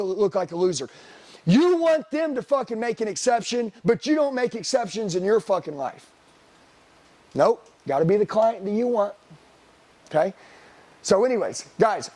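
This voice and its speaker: Brash male sales coach, high-pitched, dry close sound, blunt and profane. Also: a little mellow, no room sound. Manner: blunt, swearing, hammering questions at the room. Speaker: sales trainer. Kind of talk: profane motivational sales talk.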